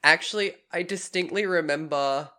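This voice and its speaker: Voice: mid-range voice, moderate pace, bright, forceful tone. A young adult podcast co-host who tells a story in a put-on Southern US accent, laughs often and swears now and then. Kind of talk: casual storytelling chat.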